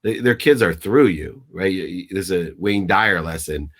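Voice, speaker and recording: A middle-aged man with a very low voice, talking as a guest mentor in an interview. He speaks emphatically and with feeling, stumbling into restarts. His voice is a little choked up. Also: lively intonation, normal speed, fairly bright tone. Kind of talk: motivational interview talk.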